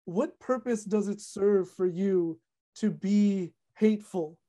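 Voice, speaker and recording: Young adult woman, content creator guest; chatty, filler-heavy, animated, mellow relaxed timbre. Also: medium pitch, slow pace. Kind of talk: casual podcast chat.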